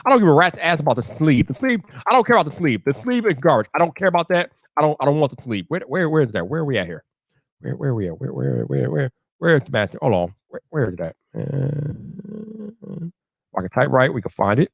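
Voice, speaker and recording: A man hosting a casual live stream, talking in an animated way, repeating himself and ranting loudly when annoyed. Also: fairly high pitch, fast, creaky, dry recording, studio quality.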